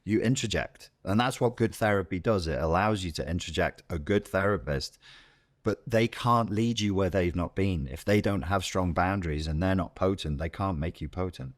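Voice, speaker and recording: Deep-voiced blunt Scouse man. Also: moderate pace, no room sound, studio quality. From Liverpool, England. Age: middle-aged. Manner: blunt, profane, acts out inner voices. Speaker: guest coach. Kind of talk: podcast interview.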